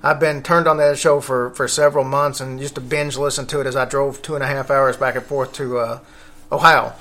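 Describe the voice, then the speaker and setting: A man's voice: medium pitch, flat delivery, brisk, bright, forceful tone. A man hosting a casual podcast, rambling along with fillers and self-corrections. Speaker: podcast host.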